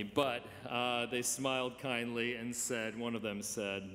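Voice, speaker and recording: A man's voice: mid-range voice, moderate pace, hardly any pauses, a little hiss or hum. Man preaching in a reverberant church. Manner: conversational preaching with gentle humor and emphatic stresses. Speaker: pastor. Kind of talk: sermon. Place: church sanctuary.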